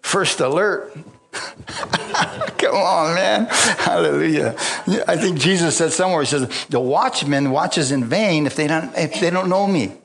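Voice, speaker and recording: A man preaching to his congregation with a somewhat high voice. He peppers scripture with hallelujahs and call-outs, chuckles through his own stories, and drops from loud exclamations to quiet asides. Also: measured pace, creaky. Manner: chuckles often while telling personal stories. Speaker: pastor. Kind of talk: sermon.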